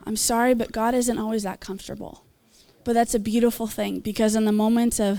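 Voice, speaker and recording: High-voiced woman preaching an altar call. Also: little pitch movement, a little fast, creaky, dark tone. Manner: earnest, encouraging, with small laughs and asides. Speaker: preacher leading prayer ministry. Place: church gathering.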